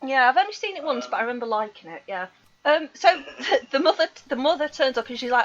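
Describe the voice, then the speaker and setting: Chatty woman, higher voice. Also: lively intonation, quick pace, a bit bright, dull audio. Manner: chatty, laughs often, acts out film characters. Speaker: podcast co-host. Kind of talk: casual film chat.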